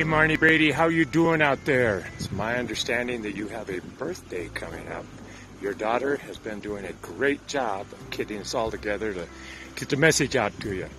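An older man gives a folksy, joking birthday greeting to an old friend. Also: mid-range voice. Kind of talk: casual recorded birthday greeting.

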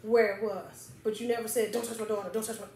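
A woman's voice: medium pitch, little pitch movement, fast talker, crowd noise. A woman co-hosting a casual talk show, speaking supportively and reassuringly to her friend. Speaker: co-host. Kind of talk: casual chat. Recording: echoey room, faint noise.

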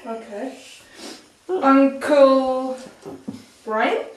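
A woman's voice: high voice, expressive, very slow, far from the mic. A woman talking to her toddler in the bath, patiently prompting the child to repeat words. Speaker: parent. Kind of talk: home video chat with a toddler. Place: tiled bathroom. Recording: echoey bathroom, off-mic.

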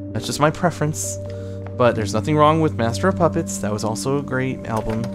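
A man's voice: mid-range voice, fairly quick, over music. A man playing a video game and chatting casually, rambling between his own remarks and the game. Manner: rambling, chatty, mock Russian accent at times. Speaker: gaming streamer. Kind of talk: let's play commentary.

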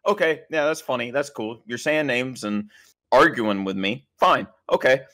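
A man's voice: medium pitch, moderate pace, fairly bright tone. A man co-hosting a podcast, talking casually and animatedly while eating and drinking. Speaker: podcast co-host. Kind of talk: casual chat.

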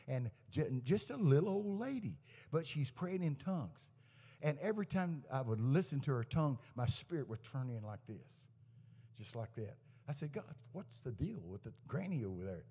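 In an echoey church hall, a man with a medium, slightly rough voice preaches as a guest to a live congregation. His sermon is built on folksy stories, and he brings them alive by performing the quoted dialogue with energy.

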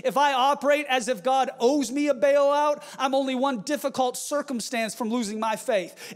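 A male pastor delivering a fiery sermon with forceful, shouted refrains. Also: very high-pitched.

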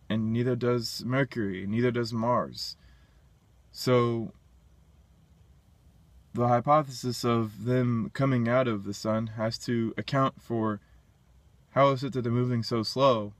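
This man, an independent science commentator, delivers a casual monologue on his own, blunt and dismissive, rethinking and restarting his sentences as he burps. His pitch is medium and there's no room sound.

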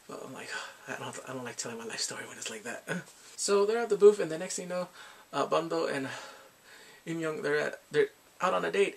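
A man casually recapping a TV drama with animated, laughing storytelling. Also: fairly high pitch, fairly quick, gravelly. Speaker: drama reviewer.

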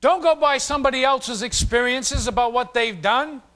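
A male pastor delivers an emphatic, storytelling sermon. His voice sits high for a man and rings bright and forceful. He drives his points home with repeated phrases. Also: moderate pace.

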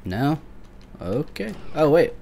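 Slow and sing-song, a young man's slightly high voice has vocal fry and a dark tone, with a little hiss or hum in the recording. He gives nervous, swearing let's-play commentary on a creepy shooter game, often talking back to the monsters.

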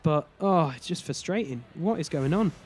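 A man's voice: on the high side, lively intonation, normal speed, a little mellow, soft background music. A man giving casual let's-play commentary over his hockey game, often exasperated and exclaiming at what happens. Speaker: gaming YouTuber.

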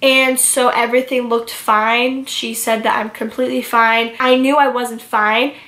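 A young woman vlogger recounts a personal story to her viewers, rushing and emotional with a stream of filler words. Her voice sits a touch high, and it is recorded in an echoey room. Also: flat delivery, fairly bright tone. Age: young adult. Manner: emotional, rushed retelling full of "like" fillers.

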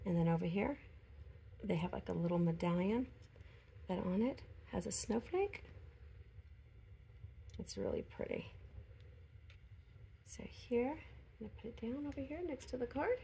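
A woman vlogger chatting casually at home while unboxing a gift, pausing and laughing softly, still recovering from an illness. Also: medium pitch, animated, vocal fry, slight background noise. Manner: chatty, hesitant, frequent small laughs. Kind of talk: casual chat.

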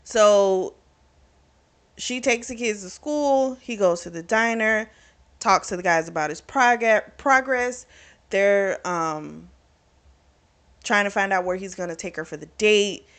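A woman's voice: mid-range voice, slow, fairly bright tone. A woman casually recapping a novel's plot for her book channel, talking loosely with plenty of fillers. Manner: chatty, retells scenes with lots of fillers. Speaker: book reviewer.

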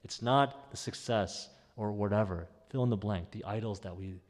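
A man preaching a sermon as pastor, in a conversational, animated way. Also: fairly low pitch, moderate pace, in a large hall. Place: church sanctuary.

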